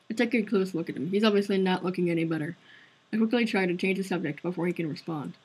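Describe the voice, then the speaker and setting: A woman's voice: mid-range voice, fast, darkish tone, breathy edge, low-quality recording. A woman streaming a visual novel, narrating its story aloud in an earnest, conversational way. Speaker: game streamer.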